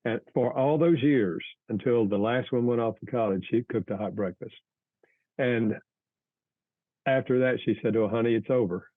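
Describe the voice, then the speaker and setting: An older man, a guest author, earnestly telling a family story in an interview, with halting restarts. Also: medium pitch, dry recording, narrow, tinny audio.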